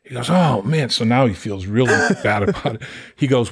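An older man in his sixties from Massachusetts, a podcast guest telling lively stories in casual chat and acting out the voices of the people he quotes. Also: mid-range voice, normal speed, vocal fry, husky. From Boston area, Massachusetts. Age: 60s. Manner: animated, acts out quoted voices, laughs while telling stories. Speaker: podcast guest, former pro football player. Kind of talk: casual storytelling.

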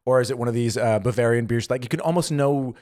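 Living in Germany, this podcast co-host talks fast in a warm, medium-pitched voice. His casual chat rambles, full of fillers and restarts.

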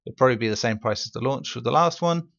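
A man's voice: mid-range voice, fast, creaky, fairly bright tone, lo-fi sound. A man co-hosting a gaming podcast, giving blunt, opinionated takes in casual chat. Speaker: podcast co-host.

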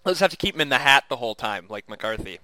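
A man's voice: medium pitch, animated, fast talker, sharp tone, no echo. A man co-hosting a casual podcast chat, rambling with restarts and chuckling often. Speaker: podcast co-host.

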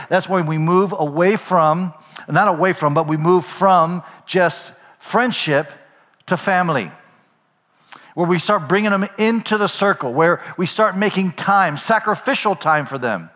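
A man's voice: fairly high pitch, fairly bright tone. A man preaching a sermon as pastor, in a conversational style, often checking in with "right?". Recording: long hall reverb.

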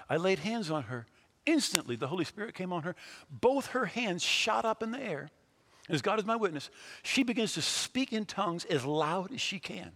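Animated husky preacher man. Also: high-pitched, a little fast, big-room sound. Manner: animated storytelling preacher, swings from loud to hushed. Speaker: pastor. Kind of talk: sermon.

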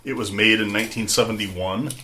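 A man's voice: fairly low pitch, a little fast, background noise. A man narrating a tabletop game as game master, rambling and conversational, with many fillers.

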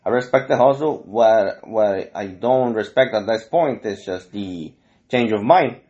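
A man's voice: lowish voice, unhurried, a little mellow. A man in casual chat who tells stories animatedly, acting out the dialogue, swearing freely and slipping into Spanish phrases. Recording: dull lo-fi audio.

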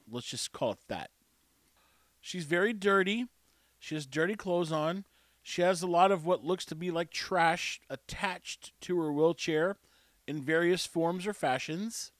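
A show host with a high, expressive voice speaks at a measured pace into a close mic, with no room sound. He tells a rambling story in a wry, self-mocking way, a casual storytelling monologue.

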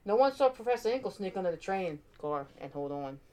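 A woman narrating a children's storybook aloud with expressive, animated delivery. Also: medium pitch, a little fast.

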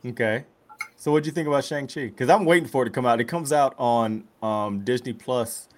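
A man's voice: medium pitch, a little fast. A man in a casual group chat, easygoing and asking the others questions. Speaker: podcast panelist.

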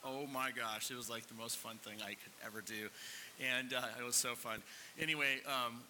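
Pastor guy rambling thru a story w lots of uhs, super bright voice, echo-y church hall w faint hiss. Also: mid-range voice, steady tone, normal speed. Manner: chatty storytelling with many fillers and restarts. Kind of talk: sermon.

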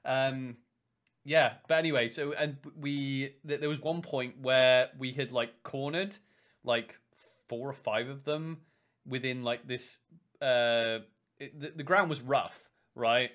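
A young man co-hosting a casual podcast, telling stories in an animated way and acting out the lines he quotes. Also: mid-range voice, slow. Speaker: podcast co-host.

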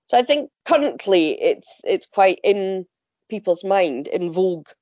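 A woman's voice: mid-range voice, very animated, measured pace, no echo. Chatty woman, dry dull sound. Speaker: podcast contributor. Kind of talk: casual chat.

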